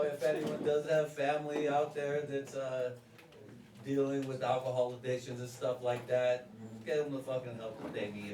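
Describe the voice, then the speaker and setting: A man does a crude, profane stand-up set and laughs at his own jokes. His voice sits at an ordinary pitch for a man. It is picked up from a distance in an echoey live room with a crowd murmuring behind him. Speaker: stand-up comedian. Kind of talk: stand-up set at an open mic. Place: live comedy venue with an audience. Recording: roomy live venue, distant, crowd noise.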